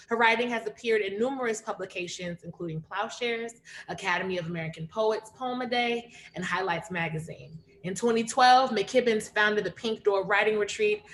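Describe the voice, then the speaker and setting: A woman hosting a poetry reading over a video call, lively and slangy, hyping up her audience and reading an introduction. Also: mid-range voice, a little hiss or hum. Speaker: host of reading series. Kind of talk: casual live-stream hosting.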